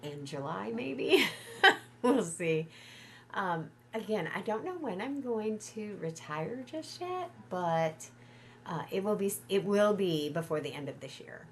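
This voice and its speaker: A middle-aged woman chatting casually on a livestream from home, gushing and excitable. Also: mid-range voice, measured pace, slight background noise. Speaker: livestream host.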